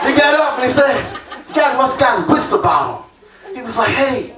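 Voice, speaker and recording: A man performing a stand-up comedy set, telling a story loudly and acting out the voices of its characters. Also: extremely high pitch, fast talker. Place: comedy club stage. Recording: roomy club sound from a distant mic with crowd laughter.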